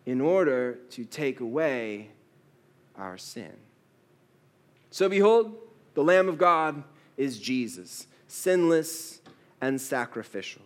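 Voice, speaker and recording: A man's voice: mid-range voice, lively intonation, slow pace. A male pastor preaching a sermon, telling stories with playful quoted asides.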